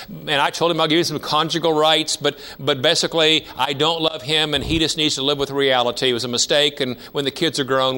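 Bright-voiced preaching man in his fifties. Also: fairly high pitch. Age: 50s. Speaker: pastor. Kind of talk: sermon.

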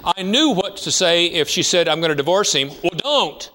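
A man's voice: sits high, lively intonation, normal speed, sharp tone. A man in his fifties preaching a sermon, telling stories in a conversational way with emphatic rises. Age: 50s. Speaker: pastor.

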